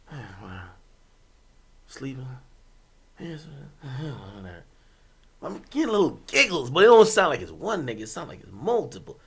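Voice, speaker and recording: Animated young man telling a wild story. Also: medium pitch, gravelly, slight background noise. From Jamaica. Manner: animated, swears freely, bursts of laughter, swings from loud to muttered. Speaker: streamer. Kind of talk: casual storytelling chat.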